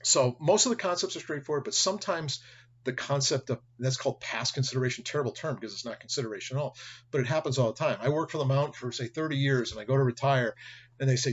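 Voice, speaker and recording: New guy teaching, talks fast, acts out the dialogue, muffled lo-fi webcam audio. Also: mid-range voice, husky. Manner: storytelling with acted-out dialogue. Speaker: college instructor. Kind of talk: recorded lecture. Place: home or office webcam recording.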